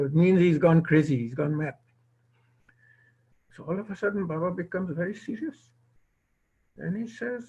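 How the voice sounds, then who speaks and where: Gravelly older man retelling a memory. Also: high-pitched, brisk, highs cut off. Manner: retells remembered dialogue, quoting others. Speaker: guest speaker. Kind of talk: storytelling talk. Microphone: video call.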